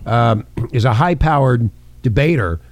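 Male talk host, brash and mocking, rambling chat, lively, slightly high voice, dry close sound. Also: a little slow, no echo. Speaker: podcast host. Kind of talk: casual political chat.

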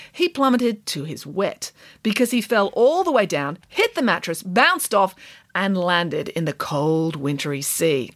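A woman's voice: mid-range voice, no echo. A woman reading a children's storybook aloud, narrating with wry, playful asides to the listener.

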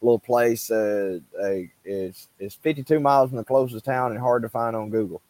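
A man's voice: mid-range voice, normal speed, a little mellow, poor audio. Folksy Arkansas-accented male guest. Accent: Arkansas Southern. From Arkansas, USA. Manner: easygoing, folksy, laughs easily. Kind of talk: casual interview chat.

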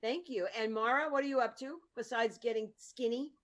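A woman's voice: a little high, brisk. A woman hosting a casual chat, bubbly and loose, now and then swearing. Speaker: host.

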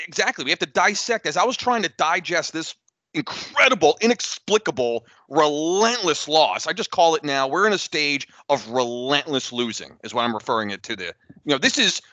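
A man co-hosting a casual sports podcast, venting in an animated, exasperated way. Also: a little high, no echo. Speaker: podcast co-host.

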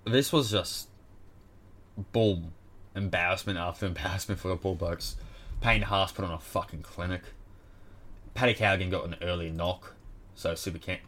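A man's voice: sits low, a bit bright. A man with an Australian accent hosting a casual sports show, ranting bluntly and swearing heavily. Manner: heavy swearing, blunt and exasperated. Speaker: podcast host.

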